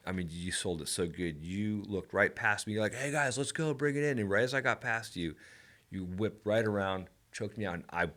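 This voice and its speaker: Male podcast guest, low and forceful, lively storyteller. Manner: animated storyteller, laughs often. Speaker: podcast guest, former Navy SEAL. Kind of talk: casual storytelling chat.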